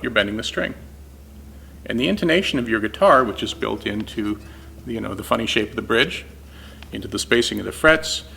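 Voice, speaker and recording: A man's voice: medium pitch, creaky, bright, forceful tone, a little hiss or hum. A man teaching guitar setup in a casual, step-by-step way while demonstrating on an instrument. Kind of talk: informal technical explanation.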